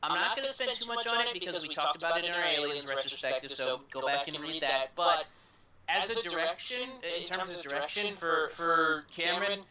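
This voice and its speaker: A man's voice: fairly high pitch, a little fast, pushed and bright, recorded from a distance. A man hosting a casual film retrospective, earnest and stumbling over his starts. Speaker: podcast host. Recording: roomy room echo.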